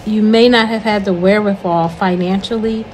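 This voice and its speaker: A woman's voice: mid-range voice, steady tone, normal speed, a little mellow, a little hiss or hum, low-quality recording. An older woman hosting her own talk, speaking earnestly and repeating her main points in a preacher-like way. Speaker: host. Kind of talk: encouraging spoken talk.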